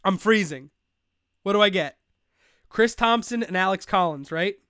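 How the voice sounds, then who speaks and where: A man's voice: high voice, normal speed, clean tone, no echo, studio quality. A young man hosting a live fantasy football show, talking casually and ranting in frustration. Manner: excitable, swears, rants in frustration. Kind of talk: live-streamed casual commentary.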